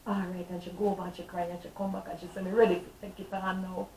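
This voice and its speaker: A woman's voice: fairly low pitch, little pitch movement, fast talker, a little mellow, a little hiss or hum. A middle-aged woman, a guest on a talk show telling her testimony with fervent, emotional storytelling. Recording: roomy echo, distant mic, faint ambience.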